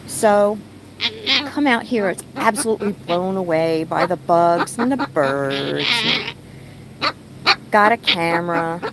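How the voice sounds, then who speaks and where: A woman's voice: fairly low pitch, animated, takes it slowly, pauses often, very noisy. A middle-aged woman telling stories in a casual vlog, chatty and breaking off to talk to her pet bird. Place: rural home, outdoors.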